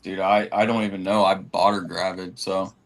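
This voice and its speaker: A man guest on a casual podcast, talking in relaxed slang and calling people "dude". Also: low-pitched, moderate pace, vocal fry. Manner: laid-back slang, says "dude". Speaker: podcast guest, snake keeper. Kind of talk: casual chat.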